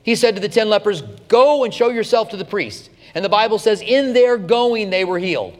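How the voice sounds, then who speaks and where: A man's voice: high-pitched, a little fast, big-room sound. A male pastor giving a conversational radio Bible teaching, with frequent restarts and asides.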